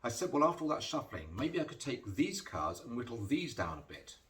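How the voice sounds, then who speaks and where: A man's voice: mid-range voice, very animated, a little fast, fairly bright tone, recorded from a distance. A man, a magician talking through card tricks in a chatty storytelling way with dry, self-mocking asides. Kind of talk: patter while performing card tricks. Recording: voice from off the mic, music playing behind.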